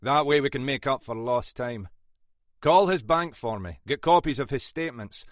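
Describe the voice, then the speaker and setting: A man's voice: medium pitch, normal speed, no room sound, voice pushed up, close to an everyday voice. A man voicing a brusque, scolding older Scottish male detective inspector in an audiobook. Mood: stern. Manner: brusque, scolding, dry wit. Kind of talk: audiobook character voice.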